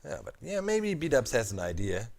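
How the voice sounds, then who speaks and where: A man's voice: medium pitch, very animated, normal speed, darkish tone. A man casually commenting while he builds in a video game, thinking aloud with many fillers and asides. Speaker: Minecraft let's player.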